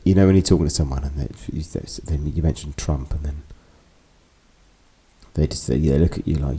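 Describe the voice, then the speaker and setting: A man's voice: very deep voice, normal speed, long pauses, warm tone, breathy edge. A man giving a casual, digressive political monologue with wry asides, with music playing behind him. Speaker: political commentary host.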